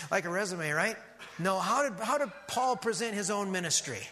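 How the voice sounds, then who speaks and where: A man preaching a sermon as pastor, emphatic and rhythmic, dropping to a hush on key words. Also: high-pitched, expressive, moderate pace, long reverb tail.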